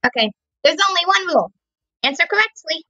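A woman's voice: very high-pitched, lively intonation, a little fast, sharp tone, muffled recording, pitched above the performer's own voice, exaggerated voice. A woman hamming up a flashy robot game-show host. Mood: showy. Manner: theatrical game-show announcing, drawn out. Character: flamboyant male robot quiz-show host, showy.

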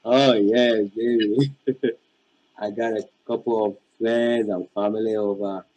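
A man's voice: lowish voice, fairly even intonation, slow pace, a little mellow. A man on a casual phone call, hesitant, often calling her baby. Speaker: caller.

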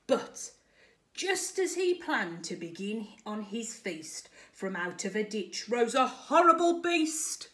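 A woman primary school teacher reading a picture book aloud to children with expressive storytelling. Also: fairly high pitch. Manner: expressive, slow and deliberate storytelling.

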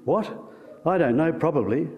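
A man with an Australian accent voicing a gruff, irritable older father who scoffs and complains. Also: a little high, animated, moderate pace, long reverb tail, phone-quality sound, pitched above the performer's own voice, close to an everyday voice. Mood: grumbling.

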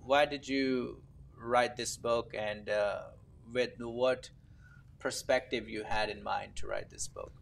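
A man hosting a TV interview, asking halting questions with plenty of enthusiasm. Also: mid-range voice, fairly even intonation, creaky. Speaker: TV interview host.

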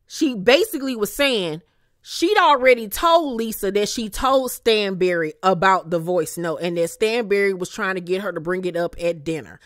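A woman casually recapping a reality show in animated, slangy storytelling. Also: medium pitch, no room sound, studio quality. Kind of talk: casual commentary.

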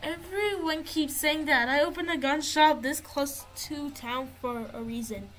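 A woman's voice: high voice, unhurried, a bit bright. A woman reading the lines of a folksy cowboy gun shop keeper in a game, in her own voice.

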